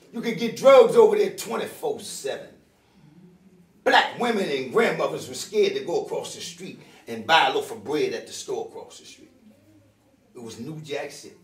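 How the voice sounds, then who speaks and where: An older man speaks to a crowd with fiery emotion and a high, lively voice that rises and falls a great deal. He calls out to the people in the room, at times loud and at times low. He sounds far from the mic in an echoey room. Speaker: audience member at a community town hall. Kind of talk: impassioned public speech. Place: bookstore meeting room.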